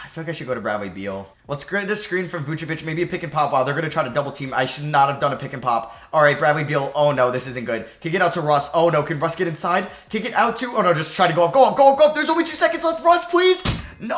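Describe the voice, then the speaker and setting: A young man giving excited commentary as he plays a basketball video game, sliding from anxious muttering to shouted cheers. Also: on the high side, fast talker, hardly any pauses, reverberant. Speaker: gaming YouTuber.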